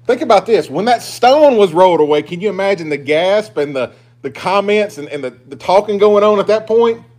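A man pastor preaching a sermon, emphatic and swinging between loud declarations and hushed asides. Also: high voice, animated, brisk.

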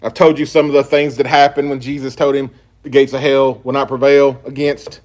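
A man's voice: medium pitch, level tone, brisk, a little mellow. A man preaching a sermon and reading scripture aloud in an emphatic style. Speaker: pastor.

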